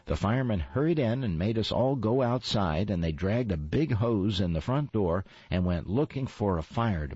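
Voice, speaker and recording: A man narrating a storybook in a wry, lively way. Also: lowish voice, slightly rough, dry recording. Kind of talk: storybook reading. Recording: slightly dull, dry recording.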